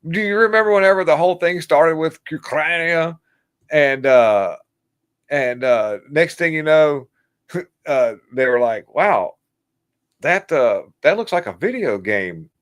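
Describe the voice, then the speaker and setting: A man's voice: a little high, expressive, unhurried. A man hosting a casual political livestream, rambling and mocking in a crude way and laughing at his own jokes. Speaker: livestream host.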